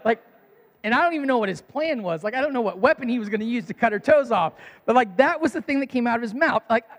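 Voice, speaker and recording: A man's voice: very high voice, lively intonation, fast talker, fairly bright tone, big-room sound. A man preaching a sermon in a conversational storytelling way, laughing at his own story.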